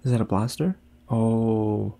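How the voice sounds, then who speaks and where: A young man hosting a casual reaction video, talking excitedly to his viewers with lots of exclamations. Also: lowish voice, slow pace, gravelly, soft background music. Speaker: YouTube reaction host.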